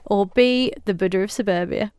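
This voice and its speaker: A woman's voice: mid-range voice, moderate pace, darkish tone, clear, resonant tone, dry recording. A woman hosting a quiz podcast, playful and teasing, laughing often. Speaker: quiz show host. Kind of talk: casual podcast quiz chat.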